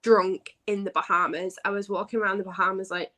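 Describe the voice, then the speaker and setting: A woman guest telling stories in a casual chat, self-deprecating and animated. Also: mid-range voice, fairly quick. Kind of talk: casual storytelling.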